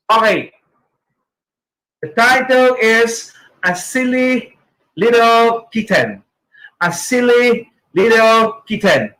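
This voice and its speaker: Filipino man, high voice, slow deliberate pronunciation teacher, roomy echo. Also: a bit bright. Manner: slow, deliberate, models sounds for repetition. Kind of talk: pronunciation lesson, reading drills aloud. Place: online training session.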